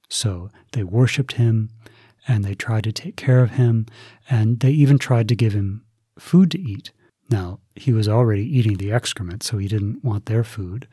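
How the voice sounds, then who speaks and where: Slow, husky-voiced male Buddhist preacher. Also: fairly low pitch, mellow, no echo, clean studio sound. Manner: slow, deliberate storytelling. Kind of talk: sermon storytelling.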